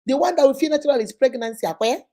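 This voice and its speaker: A lively Nigerian woman with a mellow, high-pitched voice talks fast as a host answering relationship questions in animated, casual advice talk. She tells stories with energy, acts out quoted voices, and laughs often.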